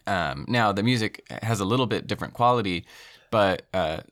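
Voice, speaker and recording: A man with a lowish voice talks loosely in casual conversation, pausing on "um" and "like" as he works through ideas. The sound is dry and close, with no room echo. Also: a bit bright. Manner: rambling, many fillers. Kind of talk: casual chat.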